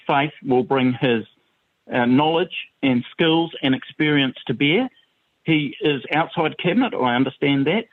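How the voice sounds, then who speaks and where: Male guest from New Zealand, fairly high voice, emphatic and opinionated, heard over a tinny phone line. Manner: emphatic, opinionated, stressing words. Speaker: guest commentator. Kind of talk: political talk radio chat. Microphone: phone call.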